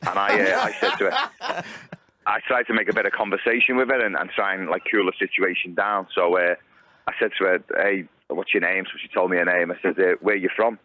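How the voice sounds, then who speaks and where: A man with a lowish, bright, forceful voice, telling an easygoing story on a radio show. He is heard over the broadcast line. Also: fairly even intonation, fairly quick, no echo, rough recording. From the Wirral, England. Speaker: guest, former footballer. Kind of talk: telling an anecdote in casual chat.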